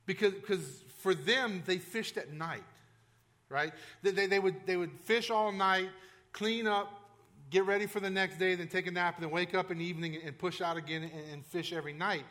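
A man's voice: high-pitched, steady tone, normal speed, fairly bright tone. A male pastor preaching a sermon in a conversational, emphatic way, with frequent restarts and asides to the congregation.

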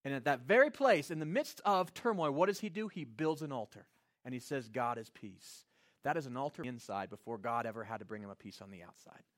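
A man preaching a sermon in a conversational, animated way, voicing characters with playful asides. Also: medium pitch, fairly quick. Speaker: pastor.

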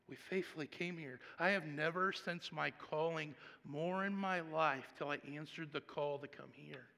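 A man preaching a sermon and telling a personal story, swinging between hushed, quiet passages and loud, animated ones. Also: a little high, moderate pace, creaky, hardly any pauses, in a large hall. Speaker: pastor.

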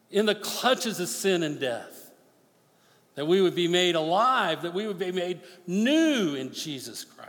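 Impassioned male preacher in a reverberant hall. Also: high voice. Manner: impassioned preaching, rising to near-shouts then dropping to hushed storytelling. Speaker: pastor. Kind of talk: sermon. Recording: long reverb of a large hall.

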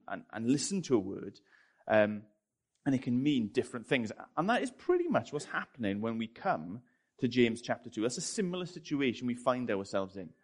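A British man gives a sermon in a chatty, self-deprecating way. His voice sits in a middle pitch, and his intonation swings widely as he tells his story. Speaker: preacher.

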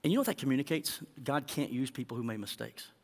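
A man's voice: medium pitch, lively intonation, fast talker, big-room sound. A male pastor preaching a sermon in an earnest way that rises to emphatic peaks.

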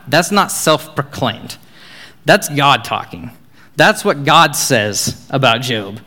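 A man's voice: mid-range voice, expressive, slow pace, pushed and bright. Casual young man retelling a Bible story. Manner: casual, joking, upbeat storytelling.

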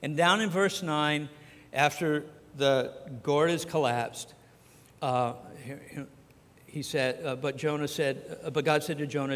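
A man's voice: a little high, unhurried, a bit bright. A man preaching a sermon as pastor, talking conversationally and acting out the scripture dialogue. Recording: long hall reverb.

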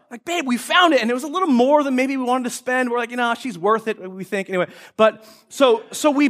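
A man in his forties preaching a sermon in a church, telling family stories in an animated way and acting out excited children in loud bursts. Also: extremely high pitch. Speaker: pastor.

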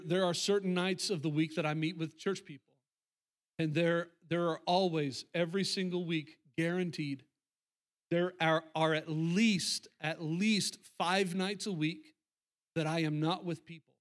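Middle-aged pastor guy, high voice, chatty sermon, keeps repeating himself to drive it home. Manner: conversational, repeats phrases for emphasis. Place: church sanctuary.

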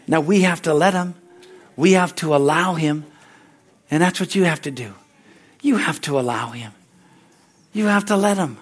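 A man's voice: a little high, normal speed, pauses often. A man preaching a fervent sermon at a church service, punctuating his lines with hallelujahs and amens. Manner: shouts excitedly when acting out a story. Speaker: pastor.

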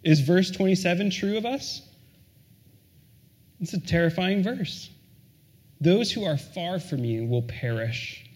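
A man preaching a sermon, earnest and questioning, often dropping to a soft hush on key lines. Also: high-pitched, animated, a little slow, pauses often. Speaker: pastor.

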